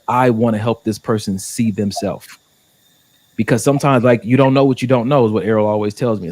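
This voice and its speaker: A man's voice: fairly low pitch, darkish tone. A man co-hosting a relationship podcast, speaking in a heartfelt, emphatic way. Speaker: podcast co-host. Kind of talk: casual chat.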